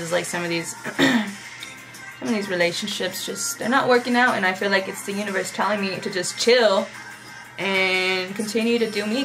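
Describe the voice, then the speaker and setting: Chatty young woman musing over makeup. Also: mid-range voice. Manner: rambling, reflective, heavy use of "like". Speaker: vlogger. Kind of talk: casual chat while doing makeup.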